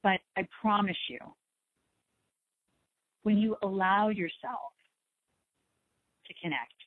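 A woman hosting a spiritual talk show, speaking slowly and gently, repeating herself to reassure listeners. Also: medium pitch, no echo, narrow, tinny audio. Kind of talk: slow soothing talk on meditation and letting go.

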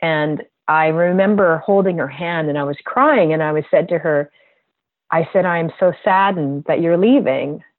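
A woman health practitioner telling a heartfelt story about a patient in a gentle, earnest way. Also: deep voice, no room sound. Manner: slow, gentle and earnest, emotional at times. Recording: tinny phone-like line, dry.

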